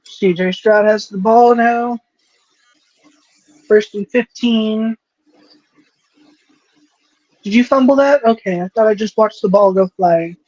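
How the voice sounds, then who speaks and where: A woman's voice: medium pitch, slow, pauses often, a little mellow, no room sound. Woman cohost swearing her way through the game, dry dull lo-fi mic. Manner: profane, running play-by-play remarks. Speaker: podcast co-host. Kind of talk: casual chat while watching football.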